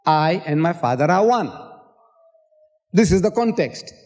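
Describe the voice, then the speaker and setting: A man's voice: a little high, expressive, measured pace, a little mellow. An older man from South Africa in a public debate, lecturing and quoting scripture at length, with sarcastic asides. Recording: old hall recording with long reverb.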